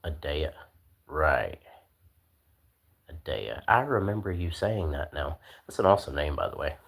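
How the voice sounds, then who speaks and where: A man hosting a casual livestream, talking in a laid-back, soft-spoken way with lots of fillers. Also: a bass voice, expressive, brisk, gravelly, breathy edge. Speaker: livestream host.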